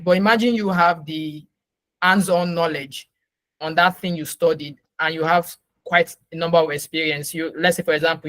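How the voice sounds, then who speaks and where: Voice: mid-range voice, a bit bright, dry recording. A moderator giving casual advice in a loose way and checking in with listeners as they go. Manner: loose, with frequent fillers and restarts, checking in with "okay". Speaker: session moderator. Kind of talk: casual advisory talk.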